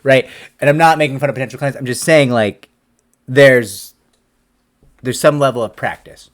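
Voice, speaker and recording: A man in his forties, an employment attorney, answering a viewer's question in a casual, animated talk to camera. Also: mid-range voice, moderate pace. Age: 40s. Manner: animated, conversational, acts out quotes.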